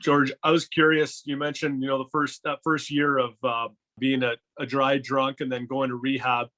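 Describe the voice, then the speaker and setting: A man's voice: mid-range voice, flat delivery, moderate pace, bright, forceful tone, rough recording. A man hosting a podcast interview, asking questions hesitantly and rephrasing as he goes. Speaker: podcast host.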